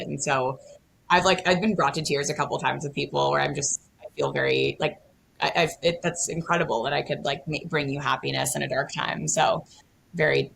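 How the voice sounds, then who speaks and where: A woman's voice: deep voice, vocal fry, fairly bright tone, a little hiss or hum. A young woman content creator talking casually as an interview guest, chatty and full of "like". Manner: chatty, lots of "like" and fillers.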